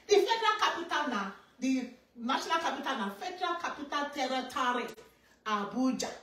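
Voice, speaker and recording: A Nigerian woman speaking Nigerian Pidgin English in an animated, boastful vlog monologue. She mixes pidgin with English and breaks into snatches of song. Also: high-pitched, brisk, far from the mic. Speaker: content creator. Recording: echoey room, voice off-mic.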